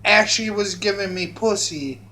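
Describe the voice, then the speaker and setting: A man's voice: sits high, unhurried, sharp tone. A man telling a long rambling story in a monologue, often restarting and repeating his phrases.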